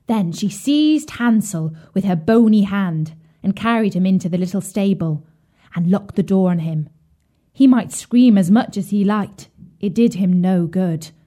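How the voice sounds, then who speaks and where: A woman reading a fairy tale aloud for children, expressive, sometimes dropping to a whisper. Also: medium pitch. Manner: slow, expressive, drops to a whisper at grim parts. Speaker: storyteller.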